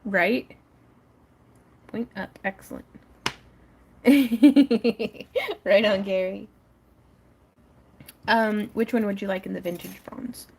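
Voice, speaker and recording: A woman's voice: mid-range voice, takes it slowly, vocal fry, long pauses, darkish tone, breathy edge. A woman hosting a casual craft livestream, chatting with viewers and her pets while she works, laughing often.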